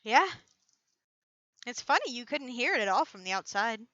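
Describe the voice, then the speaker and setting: A woman's voice: fairly high pitch, very animated, moderate pace, sharp tone, dry recording, highs cut off. A woman playing a pirate captain character in a casual tabletop role-play. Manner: casual, laughs often. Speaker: player.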